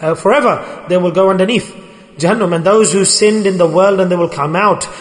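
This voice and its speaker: High-voiced man preaching in a hall. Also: brisk. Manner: emphatic, repetitive, acts out pleading voices. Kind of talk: sermon. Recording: hall reverb.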